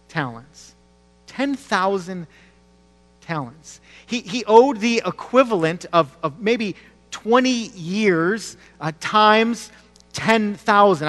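A man's voice: sits high, a bit bright, in a large hall. A man preaching a sermon in a conversational, emphatic way, repeating key phrases and asking the congregation rhetorical questions. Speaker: pastor.

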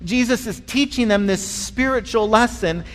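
A man delivers a sermon in a relaxed, conversational manner, often repeating a word as he finds his footing. His voice sits fairly high for a man. The recording has the long reverberation of a large hall. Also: moderate pace. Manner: conversational and animated, acting out voices in stories; repeats words when starting phrases. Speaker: pastor.

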